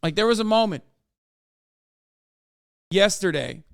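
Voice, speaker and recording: A man with a smooth, resonant voice and a slightly high pitch, talking on a livestream. He reacts to clips in a profane, exasperated rant. The sound is dry and close to the mic. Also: animated, slow pace, dry recording. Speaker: streamer reacting to videos. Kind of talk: casual livestream reaction commentary.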